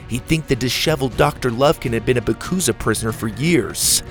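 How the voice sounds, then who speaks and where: A man narrating a children's adventure story, with lively reading that jumps up loud and high for the characters' shouts. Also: brisk, soft background music.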